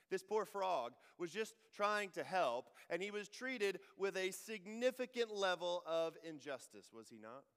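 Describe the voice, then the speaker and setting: A man's voice: sits high, sing-song, unhurried, few pauses, fairly bright tone, clear, resonant tone, in a large hall. A man preaching a sermon as a pastor, conversational and joking in asides.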